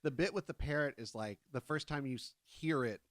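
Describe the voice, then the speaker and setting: Relaxed man on a dry mic. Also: medium pitch, brisk, dry recording. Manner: relaxed, filler-heavy storytelling. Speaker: podcast co-host. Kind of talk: casual film chat.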